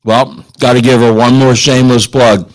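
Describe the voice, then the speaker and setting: A man's voice: mid-range voice, level tone, normal speed, dry recording, low-quality recording. An older man co-hosting a live promotional show at a wellness store event, agreeable and often chiming in to affirm. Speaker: co-host.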